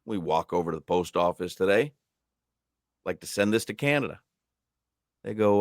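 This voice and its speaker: A man's voice: sits low, lively intonation, moderate pace, pauses often, no echo. A man hosting a sports talk radio show, chatting casually with co-hosts and reading listener mail aloud on a studio mic. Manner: conversational, reads listener emails aloud. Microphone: studio microphone.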